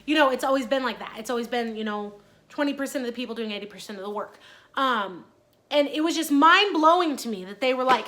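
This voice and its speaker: A woman's voice: fairly high pitch, lively intonation, fast talker, sharp tone. A woman in her thirties talking in a casual personal vlog, chatty and earnest with many fillers. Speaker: vlogger.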